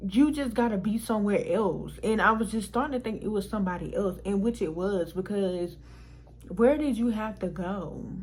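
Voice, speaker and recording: Husky-voiced woman venting a story. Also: medium pitch, normal speed, poor audio. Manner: frank, exasperated, swears freely, laughs between lines. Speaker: vlogger telling a personal story. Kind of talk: casual storytime monologue.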